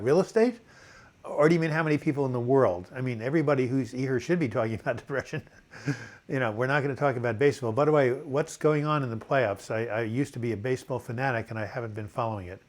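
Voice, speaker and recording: An older man hosting a casual live video chat with a dry cough, reading viewers' comments aloud and telling corny jokes. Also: medium pitch.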